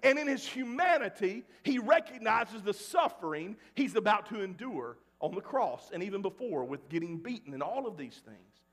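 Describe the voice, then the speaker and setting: A pastor in his forties from Mississippi preaching a sermon, dropping to a hush and then shouting at the peaks. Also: sits high, sing-song, normal speed, few pauses. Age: 40s. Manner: swings between hushed and loud, shouting at peaks. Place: church sanctuary. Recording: long church reverb.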